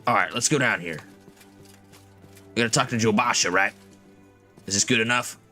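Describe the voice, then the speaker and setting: Bright-voiced casual gaming commentator man. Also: on the low side, moderate pace. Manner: casual, joking, says "dude" and "like". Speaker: gaming video creator. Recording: game music behind.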